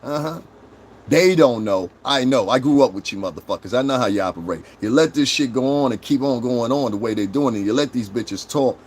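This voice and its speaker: A man's voice: medium pitch, lively intonation, brisk, slight background noise. A middle-aged man hosting a live stream, ranting and mocking chat viewers in a confrontational, profane way. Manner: confrontational, mocking, swears constantly. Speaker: livestream host.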